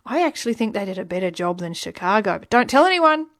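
A woman's voice: mid-range voice, sing-song, fast talker, a bit bright. A woman hosting a radio show, talking in a chatty, playful, self-teasing way between songs. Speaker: radio host. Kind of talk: casual radio chat.

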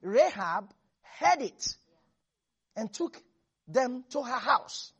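A preacher delivering a lively sermon, laughing and acting out Bible characters. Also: mid-range voice, slow pace, pauses often, breathy edge, lo-fi sound.

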